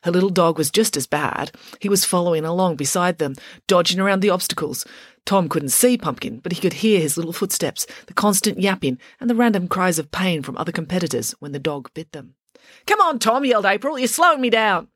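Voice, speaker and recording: A woman narrating a children's story in an expressive, wry way. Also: lowish voice, brisk, slightly rough, dry recording, clean studio sound. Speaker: audiobook reader.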